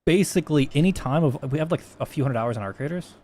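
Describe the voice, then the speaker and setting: This livestreamer's voice is on the high side, animated, quick and mellow. He codes while chatting casually, rambling, cursing and frequently starting sentences over.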